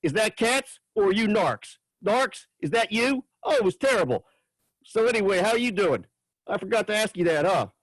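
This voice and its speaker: A man's voice: high voice, expressive, moderate pace, dry recording, pitched above the performer's own voice. A man reading aloud and voicing a talkative, caring adult woman friend, emphatic and streetwise. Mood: chatty.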